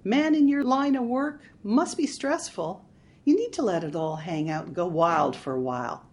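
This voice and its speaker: A woman's voice: medium pitch, moderate pace, a little mellow, lightly acted. A woman voicing a brash, gleefully unhinged middle-aged housewife, bossy and chirpy. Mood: bossy cheerful.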